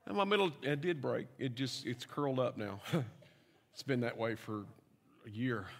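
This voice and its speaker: In a large hall, a middle-aged pastor preaches at normal speed with a creaky, mid-range voice. His sermon is full of humorous storytelling and asides to the congregation.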